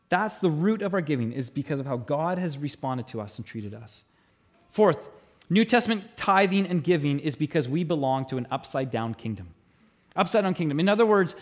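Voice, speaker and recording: Lively, high-voiced male pastor preaching. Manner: animated storytelling, mimics voices in anecdotes. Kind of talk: sermon. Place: church auditorium.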